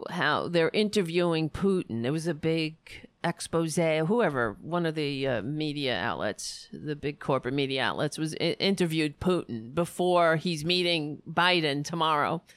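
A woman's voice: sits low, lively intonation, normal speed, dry recording. A woman hosting a livestream, talking casually about politics in a blunt, profane and sarcastic way. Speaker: livestream host.

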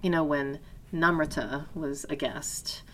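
A woman's voice: low voice, fairly even intonation, a little slow, fairly bright tone, a little hiss or hum. A woman co-hosting a podcast in casual conversation, thoughtful and hesitant, restarting sentences and laughing often. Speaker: podcast co-host.

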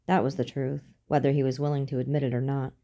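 A woman reading fiction aloud as an audiobook narrator, in a steady, measured way. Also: very deep voice.

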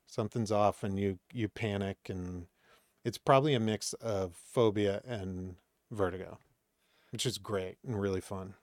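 A man from Maine telling stories as a podcast guest, animated and acting out the voices of people in his anecdotes. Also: fairly low pitch, a little slow, no room sound, studio quality. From Maine, USA. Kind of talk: casual storytelling chat.

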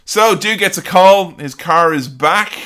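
A man with a bright, forward voice chats through a film scene by scene. His talk is loose and jokey, and he slips quoted lines from the film into it. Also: high-pitched, measured pace. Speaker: podcast co-host. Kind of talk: casual film recap chat.

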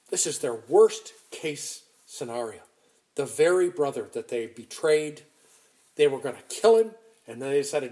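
A man preaching a sermon, retelling a scripture story in an animated, emphatic way with frequent restarts. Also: on the high side.

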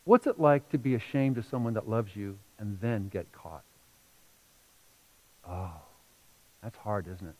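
A middle-aged man preaching a sermon as pastor, telling a personal story with feeling and moving between hushed and loud passages. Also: fairly low pitch, a little slow, pauses often, rough recording.

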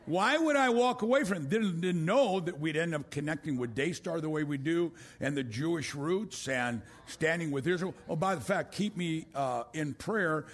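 An older man preaching a sermon as a pastor, swinging from loud exclamations down to a hushed voice. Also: a little high, lively intonation, normal speed, hardly any pauses. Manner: rising to loud exclamations, then dropping to a hush.

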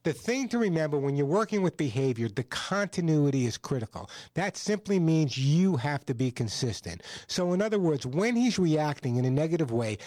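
A man's voice: fairly high pitch, very animated, normal speed, few pauses, darkish tone, dry recording. A male radio host giving firm, repetitive advice to a caller on a call-in pet show. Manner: assertive, repeats points for emphasis.

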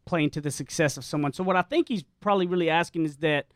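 A man with a rural American drawl who hosts a casual chat, rambling through stories with false starts. His voice sits a little high, and the recording is dry and close. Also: quick pace, no room sound. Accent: rural American Southern. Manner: self-described redneck drawl, rambling storyteller. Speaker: podcast host.

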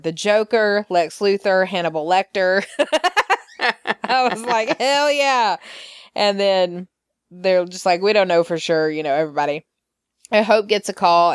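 A woman's voice: fairly low pitch, smooth, no echo, studio quality. A woman hosting a podcast, recapping soap opera scenes in a chatty way, full of fillers and quoted lines. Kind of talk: casual recap chat.

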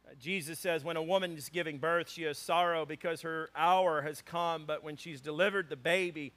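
High-voiced, bright-sounding male pastor. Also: moderate pace. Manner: animated storytelling with humor. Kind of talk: sermon. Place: church before a congregation.

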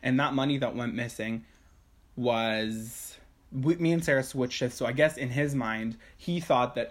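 A man's voice: mid-range voice, measured pace. Casual young man telling a story. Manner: animated storyteller, swears, acts out quotes. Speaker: podcast co-host. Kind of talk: casual chat. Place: his own room at home.

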